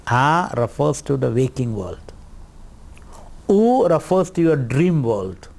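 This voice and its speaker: A man giving a spiritual lecture on scripture, teaching in a deliberate, repetitive way. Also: on the high side, darkish tone. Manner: slow, deliberate teaching with repetitions and light laughter.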